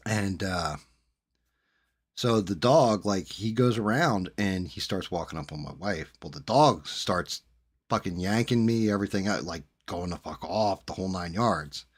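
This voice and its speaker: A man hosting a stream, telling a profane, animated personal story in a casual chat. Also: deep voice, measured pace, husky. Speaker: streamer host.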